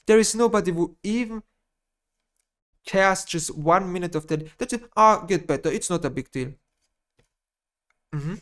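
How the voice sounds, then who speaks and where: A man ranting in a gaming vlog monologue, speaking non-native English with blunt swearing, repeating his phrases and swinging between muttering and loud outbursts. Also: high voice, measured pace, long pauses. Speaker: gaming YouTuber.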